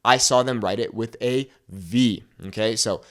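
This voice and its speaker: A young man teaching a language pronunciation lesson. He checks in with "okay?" after nearly every point and slows down to stretch out the example words. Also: fairly low pitch. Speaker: Spanish tutor.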